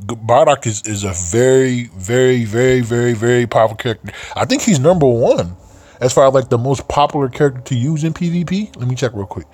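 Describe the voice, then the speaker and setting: A man's voice: mid-range voice, a little mellow. A man streaming a mobile game, chatting casually with lots of slang and swearing. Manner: laid-back slangy, profane and laughing a lot. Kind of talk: casual live-stream chat.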